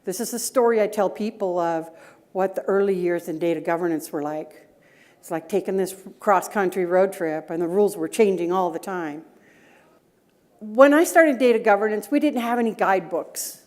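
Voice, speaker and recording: Middle-aged woman speaker, mid-pitched, tells anecdotes and checks in with the audience. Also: moderate pace, a little mellow. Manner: storytelling, asks the audience rhetorical questions. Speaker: conference speaker, data governance director. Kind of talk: conference talk with personal anecdotes. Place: conference breakout room.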